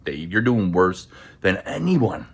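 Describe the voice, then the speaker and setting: A man's voice: sits low, sing-song, slow, breathy edge. A man ranting angrily in a clip, hurling profane accusations at rivals. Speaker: rival streamer in a played clip. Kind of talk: angry rant.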